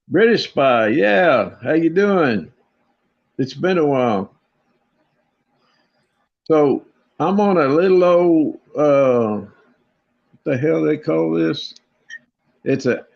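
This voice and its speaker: Guy drawling real slow, gravelly voice, plainspoken, muffled lo-fi tablet audio. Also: on the high side. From Oklahoma. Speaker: guest on a livestream. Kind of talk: casual livestream chat.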